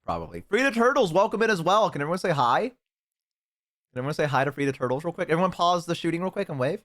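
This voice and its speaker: A man's voice: on the high side, quick pace. A young man streaming live, chatting casually with a guest and his chat, telling stories with acted-out voices. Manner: animated storyteller, mimics voices.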